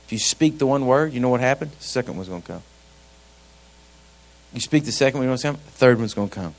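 A middle-aged man who grew up on a ranch preaches a sermon in a folksy, conversational manner, peppering his congregation with rhetorical questions. His voice is medium-pitched, and he talks fast.

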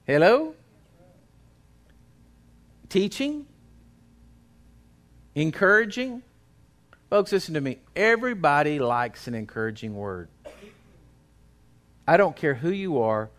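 A man preaches to his congregation in a folksy, exhorting manner. His voice is bright and forceful, pitched a touch above most men's. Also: very animated, takes it slowly, long pauses. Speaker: pastor. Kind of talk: sermon.

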